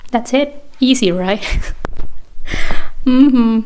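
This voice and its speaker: A woman's voice: fairly high pitch, very slow, a little mellow, slight background noise. A young woman hosting a casual solo podcast, chatty and self-deprecating, laughing often. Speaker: podcast host.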